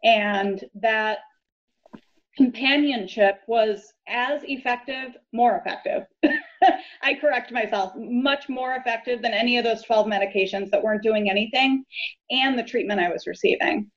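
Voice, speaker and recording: A woman guest, a lawyer, telling her story in an earnest, low-key way during a casual interview chat. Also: unhurried. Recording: dull lo-fi audio.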